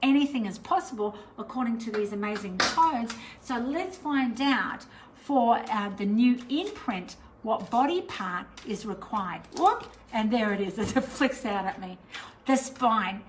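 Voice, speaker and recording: A woman's voice: fairly high pitch, lively intonation, a little slow, a little hiss or hum, poor audio. A middle-aged Australian woman, a spiritual teacher, chatting casually to camera, meandering with lots of fillers. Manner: chatty, meandering, warm and encouraging with many fillers.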